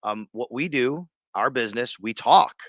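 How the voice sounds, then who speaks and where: A man's voice: medium pitch, lively intonation, normal speed, fairly bright tone, no echo. A man hosting a sports podcast, also a radio host, who talks in a rambling, loose, conversational way. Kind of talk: casual sports podcast chat.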